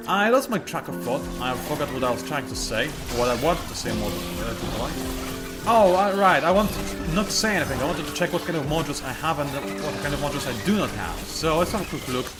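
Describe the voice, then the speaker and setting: A man talks his way through a strategy game, explaining each move in a chatty, meandering way and restarting when he loses his thread. His pitch is lively and swings up and down. Clear game music plays underneath. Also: quick pace. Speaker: let's play commentator. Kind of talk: gameplay commentary.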